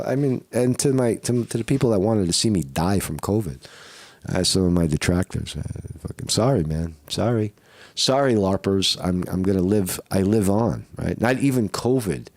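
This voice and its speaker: A man with a fairly low voice and a rough, flu-sick throat, talking casually to his viewers. He rambles, swears freely and keeps asking "right?". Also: darkish tone. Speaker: vlogger. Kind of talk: casual live-stream monologue.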